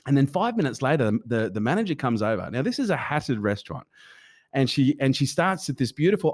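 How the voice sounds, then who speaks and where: Male host, animated, profane storyteller in casual interview chat. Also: mid-range voice, fast. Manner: animated storyteller, swears, acts out quoted people. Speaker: podcast host.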